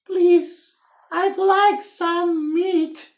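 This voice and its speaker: A man's voice: very high voice, steady tone, drawn-out words, a little mellow, pitched above the performer's own voice, full character voice. A man voicing a shy, timid little storybook man who pleads meekly in a raised, small voice. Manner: meek, pleading.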